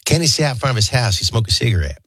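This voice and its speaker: A man hosting a talk show, rambling through childhood anecdotes and a quick sports rundown. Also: medium pitch, very animated, fairly bright tone, husky, dry recording. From New Orleans area. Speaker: talk radio host. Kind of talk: casual storytelling and sports rundown.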